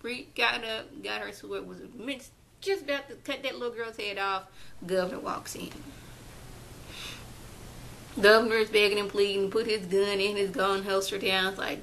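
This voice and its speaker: A woman recapping a TV episode in a chatty, animated way, now and then acting out characters' lines in her own voice. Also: mid-range voice, moderate pace, vocal fry, a little hiss or hum, low-quality recording. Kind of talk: casual recap.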